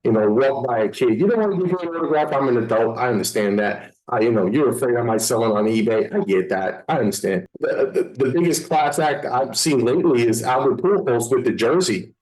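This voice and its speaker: Casting: male host, mid-pitched voice, chatty and animated storyteller. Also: brisk, few pauses, rough recording. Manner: animated storyteller, acts out quotes. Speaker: podcast host. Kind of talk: casual podcast chat.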